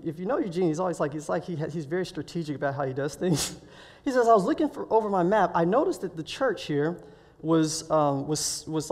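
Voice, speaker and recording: A man speaking at a week of prayer, telling a personal story in a sermon and acting out the dialogue with lively swings of voice. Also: a little high. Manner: animated, acts out dialogue in his story. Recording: reverberant hall.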